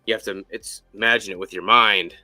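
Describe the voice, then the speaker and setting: A man hosting a casual spoiler review chat, animated and profane, with lots of fillers. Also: fairly low pitch, brisk, no room sound, soft background music. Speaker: podcast host.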